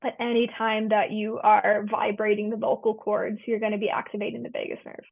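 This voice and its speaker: A woman's voice: medium pitch, level tone, fairly quick, gravelly, no echo. A woman counselor and yoga teacher explaining breathwork as an interview guest, earnest with easygoing slang. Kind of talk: casual interview talk. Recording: tinny phone-like line, dry.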